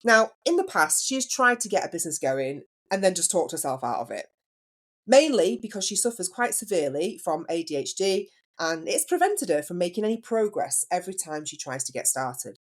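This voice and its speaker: A woman's voice: lowish voice, big pitch swings, fairly quick. A woman hosting a solo podcast as a business coach, telling a story in a chatty way and putting questions to the listener.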